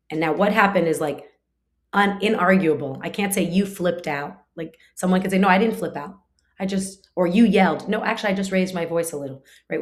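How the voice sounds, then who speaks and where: A woman teaching a spiritual class in a conversational way, full of fillers and restarts, now and then acting out short quoted lines. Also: lowish voice. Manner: acts out short quoted lines in her talk.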